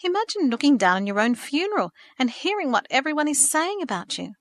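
A woman voicing a gentle, dreamy mother who speaks fondly, in a storybook reading. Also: high voice, sing-song, a little fast, no echo, studio quality, voice pushed up.

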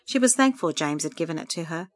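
A woman narrating a story aloud in a calm, steady reading voice. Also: sits low, fast talker.

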